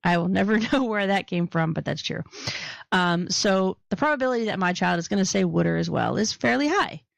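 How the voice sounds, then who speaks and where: A woman's voice: medium pitch, expressive, fairly quick, creaky, no echo. A woman with a Philadelphia accent, a podcast co-host chatting casually and joking as she goes. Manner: chatty, joking, laughs often. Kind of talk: casual chat.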